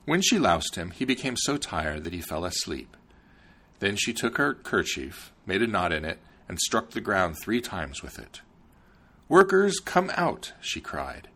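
A man narrating a fairy tale in an expressive storybook style. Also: sits low, normal speed, slightly rough.

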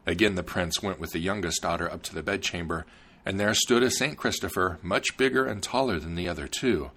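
A man narrating a fairy tale in an expressive storybook style. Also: deep voice, a little fast, breathy edge.

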